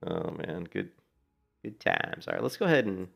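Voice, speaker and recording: A man's voice: sits low, sing-song, normal speed, gravelly, fairly bright tone, slightly rough. A middle-aged man chatting casually while streaming a game from home, a laid-back, rambling storyteller who swears freely. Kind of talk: casual chat while playing. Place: home in Florida.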